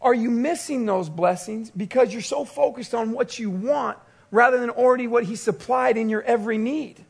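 High-pitched guy preaching, tells stories with lots of quoted voices. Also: normal speed, creaky, breathy edge. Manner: storytelling, animated, quotes others. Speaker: pastor. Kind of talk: sermon with personal story.

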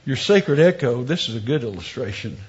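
A man's voice: mid-range voice, big pitch swings, brisk, breathy edge, muffled recording. A middle-aged male pastor preaching a sermon, mixing scripture with humorous personal stories. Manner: storytelling with humor, emphatic preaching.

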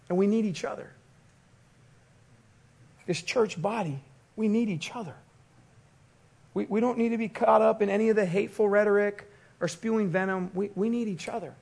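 A man's voice: high voice, gravelly, a little mellow. A man, a pastor preaching a fervent sermon with rhythmic, repeated phrases.

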